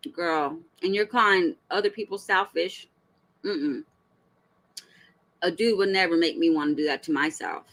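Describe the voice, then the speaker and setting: A woman's voice: lowish voice, sharp tone, rough recording. A woman hosting a reaction channel, giving blunt, profane, heated commentary full of rhetorical questions.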